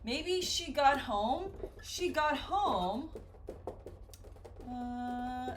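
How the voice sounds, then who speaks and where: A woman teaching English, explaining patiently with simple examples in a slow, careful lesson. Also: on the high side, expressive, a little hiss or hum.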